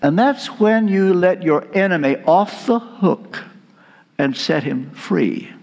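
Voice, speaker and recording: A man preaches slowly, lingering on each phrase with long dramatic pauses. His voice runs somewhat high and rises and falls widely as he tells his story. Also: animated, darkish tone. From United States. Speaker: guest preacher. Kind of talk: sermon.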